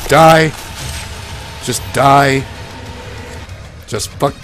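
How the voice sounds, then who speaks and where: A man commentating his own gameplay, panicking and swearing through fights, then calming down to chat. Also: medium pitch, unhurried, faint music behind. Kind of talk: let's play commentary.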